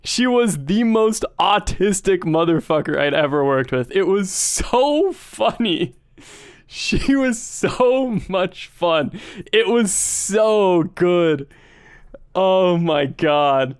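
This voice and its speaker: High-voiced, clear-toned male streamer. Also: slow, no echo, studio quality. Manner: animated, profane, laughs often. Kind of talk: casual livestream storytelling.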